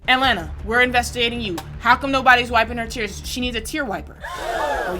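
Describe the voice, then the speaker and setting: A woman hosting a sports reaction stream, talking casually in slang and swinging between loud outbursts and low mutters. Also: fairly quick, faint music behind. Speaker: sports reaction channel host. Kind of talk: casual live reaction commentary.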